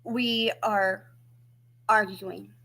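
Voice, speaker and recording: A woman's voice: mid-range voice, steady tone, extremely slow, vocal fry, fairly bright tone. A woman, chatting casually to camera as a true crime YouTube host and telling stories. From Southern United States. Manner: chatty storyteller, acts out quoted voices.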